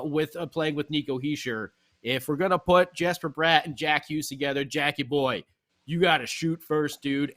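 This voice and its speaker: Male podcast host, fast excitable fan energy, slightly high voice. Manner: animated, fast, fan-like enthusiasm. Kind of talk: excited sports talk recap.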